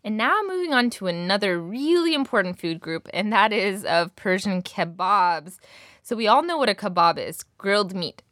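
A young woman teaching a language lesson, clearly modelling words slowly for her student to repeat. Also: medium pitch, a bit bright, no room sound, clean studio sound.

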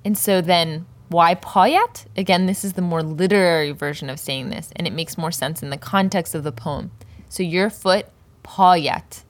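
A woman teaching a Persian poetry lesson, explaining words slowly and carefully pronouncing each example. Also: lowish voice.

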